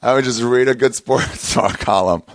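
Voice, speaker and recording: A man in his thirties hosting a podcast, rambling and swearing as he tells an animated story in casual chat. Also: medium pitch, measured pace, dry recording, clean studio sound. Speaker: podcast host. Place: outdoor patio by a street.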